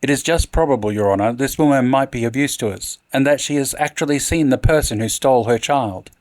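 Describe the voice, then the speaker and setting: A man's voice: mid-range voice, darkish tone, dry recording, natural voice. A man voicing a deferential door porter who speaks respectfully. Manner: respectful, measured.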